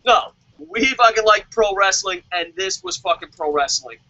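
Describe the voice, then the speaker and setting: A man's voice: sits high, lively intonation, normal speed, bright, forceful tone, no echo, lo-fi sound. A man giving a profane, sarcastic rant while reviewing wrestling shows as a vlogger. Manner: swears constantly, sarcastic.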